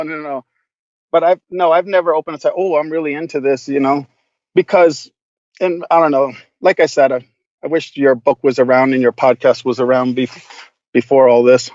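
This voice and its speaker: A man's voice: mid-range voice, fairly even intonation, normal speed, darkish tone, no echo, dull audio. A man guesting on a podcast, telling stories casually, laughing a lot and swearing freely with many restarts. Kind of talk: casual storytelling.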